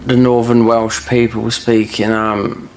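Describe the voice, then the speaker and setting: A man's voice: medium pitch, level tone, slow, slight background noise. A man chatting casually while he plays a video game, rambling through stories with many fillers and restarts. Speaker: gaming streamer.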